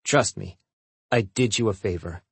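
Dude doing a chill jokey college buddy, husky and bit higher, dry. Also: male voice, normal speed, no echo, full character voice. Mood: wry. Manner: easygoing, wry. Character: laid-back joking young male shifter student.

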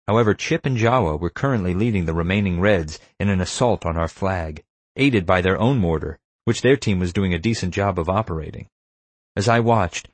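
A man reading a first-person story aloud in a steady, measured manner. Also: deep voice, no room sound. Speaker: audiobook narrator. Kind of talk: first-person scripted narration.

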